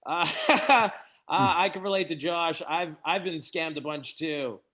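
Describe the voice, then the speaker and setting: Animated young Canadian comedian, man. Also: on the high side, measured pace. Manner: animated, laughs at his own jokes. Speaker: stand-up comedian. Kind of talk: stand-up set at an online open mic.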